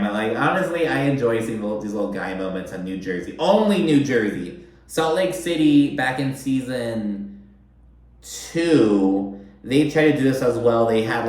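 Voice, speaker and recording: A man chatting casually through a reality TV recap, swearing freely and using lots of fillers. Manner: chatty, profane, heavy on fillers, mimics quoted people in a higher voice. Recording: very echoey room.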